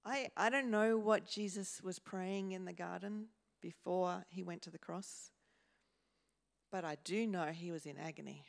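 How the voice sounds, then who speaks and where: A woman pastor preaching a sermon in a church, slow and measured, pausing and repeating words as she goes. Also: on the low side, vocal fry. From Australia. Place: church hall.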